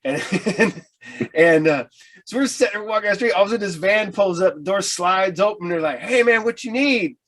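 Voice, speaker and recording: A man's voice: sits high, a little fast, fairly bright tone. A man hosting a casual podcast, easygoing and chuckling, who trips over his words as he tells a story. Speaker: podcast host.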